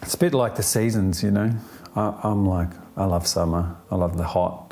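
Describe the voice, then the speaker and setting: Low, mellow-voiced man reflecting slowly. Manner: thoughtful, unhurried, many fillers and restarts. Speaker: interviewee. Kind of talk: reflective interview answer.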